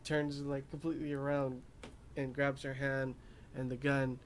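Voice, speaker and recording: A man's voice: mid-range voice, little pitch movement, a little slow. Young guy rambling through an anime recap, lots of you knows, a bit of hiss behind. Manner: rambling, many fillers, laughs at his own asides. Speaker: anime reviewer. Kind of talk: casual episode recap.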